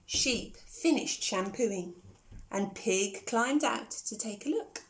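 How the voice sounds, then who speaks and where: A woman reading a children's story aloud in an animated way, asking the listener questions. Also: a little high, slow pace. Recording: echoey room.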